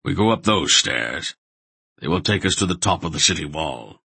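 A man reading the lines of a grim old male sorcerer who gives quiet, clipped commands in an audiobook. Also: sits low, expressive, moderate pace, vocal fry, husky, dry recording, heavily acted.

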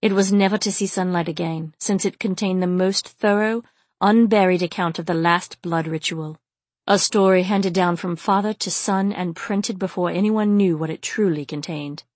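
A woman reading the part of a stern male djinn warrior, speaking quietly and grimly. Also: fairly low pitch, steady tone, moderate pace, dry recording, lightly acted. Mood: earnest. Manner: quiet and grim. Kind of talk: audiobook character reading.

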